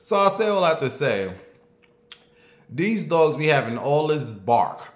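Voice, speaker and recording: A man's voice: mid-range voice, unhurried. Sassy, foul-mouthed man ranting in a roomy echo. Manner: sassy, profane, animated storyteller who imitates barking. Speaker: online commentator. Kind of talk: casual storytelling rant.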